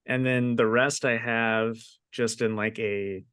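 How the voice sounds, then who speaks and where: This podcast co-host and game master rambles in easygoing casual chat, laughing frequently. He speaks slowly in a medium-pitched, steady voice that's a bit bright, clear and resonant, captured in studio quality with no room sound.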